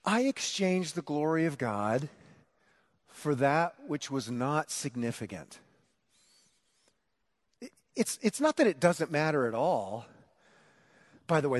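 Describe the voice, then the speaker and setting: A middle-aged man preaching a sermon, telling a story about himself in an animated, self-mocking way and acting out the shouting. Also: fairly high pitch. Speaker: pastor.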